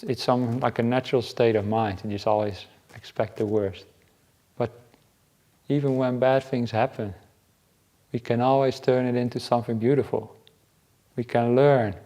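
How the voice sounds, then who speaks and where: Man, Buddhist monk, retreat dharma talk, middle-pitched voice, relaxed, chuckles often, halting pauses. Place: meditation retreat centre.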